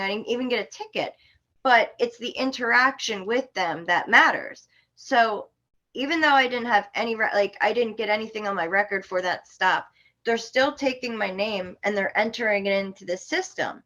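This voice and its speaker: A woman from Florida, a podcast guest, telling a story in an animated, indignant way with sharp outbursts. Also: on the high side, normal speed, lo-fi sound. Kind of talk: casual storytelling.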